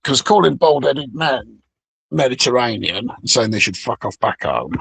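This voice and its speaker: A man's voice: mid-range voice, animated, normal speed, vocal fry, a bit bright, slightly rough, rough recording. A man rambling through a crude, profane monologue. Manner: rambling, crude, heavy swearing. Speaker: vlogger.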